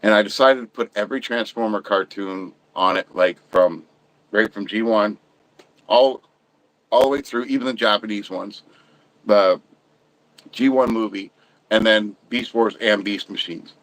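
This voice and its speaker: A man's voice: lowish voice, a little slow, fairly bright tone, no echo, poor audio. A middle-aged man hosting a livestream, chatting casually and ranting bluntly about his opinions. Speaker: livestream host.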